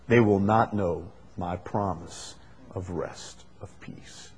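A man preaching a Bible study sermon. He builds to loud, emphatic repetition and then drops back to quiet explaining. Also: low-pitched, slow pace, slight background noise.

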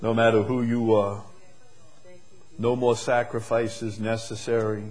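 A man's voice: fairly low pitch, little pitch movement, unhurried, a little mellow. A man preaching a sermon as pastor, emphatic and building his points through repeated phrases. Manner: emphatic, repetitive preaching cadence.

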